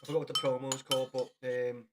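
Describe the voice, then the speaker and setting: A man's voice: medium pitch, flat delivery, fast talker, heavy background noise. Guy live streaming, chatting to chat, swears a lot, calls everyone lad.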